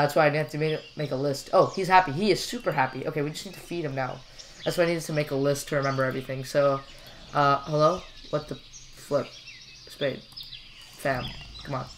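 This young man commentates casually while playing a game, rambling and joking with plenty of filler words. His voice sits on the high side with fairly even intonation, he talks a little fast, and there's slight background noise.

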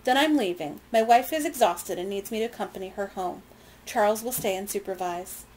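A woman reading aloud, voicing a defiant male merchant who answers with smooth, scornful evasion. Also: medium pitch, fairly quick, darkish tone, slight background noise, natural voice, rough recording.

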